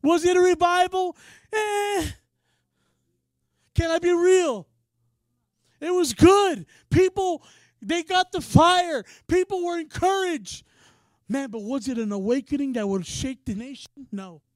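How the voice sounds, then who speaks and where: Man, preacher, very high voice, dry close sound, casual passionate sermon. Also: measured pace, long pauses, no room sound. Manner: passionate, swings from quiet to shouting; casual, says "man" often.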